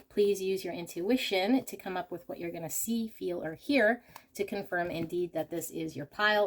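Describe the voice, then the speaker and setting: Tarot-reading host, female, fairly low voice, gushes and exclaims over each card. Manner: gushing, exclamatory. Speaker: tarot reader.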